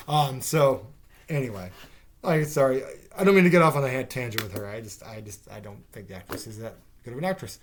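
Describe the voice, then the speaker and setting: A man's voice: mid-range voice, animated, fast talker. A man giving a casual spoken review of a TV episode, rambling and sarcastic, with fillers and swearing. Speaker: TV show reviewer.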